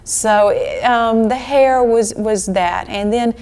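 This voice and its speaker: A woman's voice: on the high side, slow pace. Chatty woman in an archival TV interview. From Georgia, US. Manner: animated, chatty, many restarts and laughs. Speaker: actress interviewed as guest. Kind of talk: casual interview chat.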